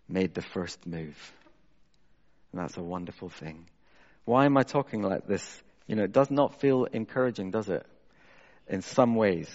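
A man preaching a sermon in an earnest manner, moving between raised emphasis and soft, hushed reflection. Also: on the low side. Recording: dull, lo-fi sound with long hall reverb.

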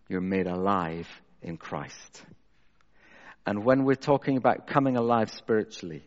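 A man preaching a sermon in an earnest manner, moving between raised emphasis and soft, hushed reflection. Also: fairly low pitch. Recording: dull, lo-fi sound with long hall reverb.

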